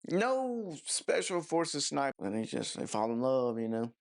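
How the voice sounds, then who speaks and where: A man's voice: mid-range voice, big pitch swings, a little slow. A man giving a casual, rambling movie review, mocking and profane, with lots of "you know" and "I don't know" fillers.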